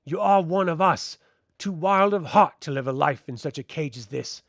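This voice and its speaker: A man's voice: a little high, lively intonation, moderate pace, a bit bright, no room sound, clean studio sound. A man playing a suave, teasing castle commander. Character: charming, smooth-talking male castle commander.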